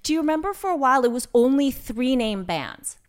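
A woman's voice: high-pitched, a little fast. A woman guest on a podcast, chatting casually with lots of fillers over a video call. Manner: chatty, animated, many fillers.

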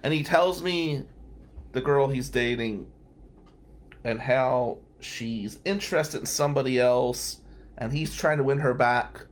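A man's voice: medium pitch, a little slow. A man from New Jersey, a defense lawyer hosting a podcast, telling a profane, wry story casually. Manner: wry, profane, animated anecdotes.

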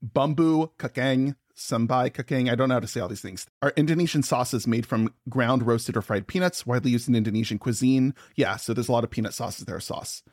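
A man's voice: mid-range voice, fairly quick, few pauses, dry recording, studio quality. A man co-hosting a podcast in casual chat, playful and teasing. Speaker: podcast co-host.

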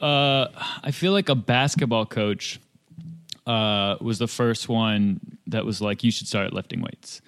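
A man who is a podcast guest in casual chat, telling stories in a relaxed way and laughing often. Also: on the low side, measured pace.

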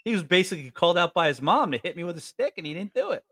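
Animated ny state guy in his 40s, lively pitch, real dry sound, chatting. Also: racing, dry recording. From New York State. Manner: animated storyteller, jumps up in pitch. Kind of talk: casual chat.

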